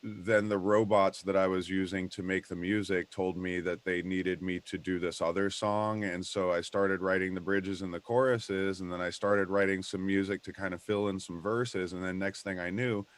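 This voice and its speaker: Deep-voiced songwriter on a video call. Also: male voice, fairly even intonation, normal speed, hardly any pauses. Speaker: songwriter guest. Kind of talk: casual group video chat.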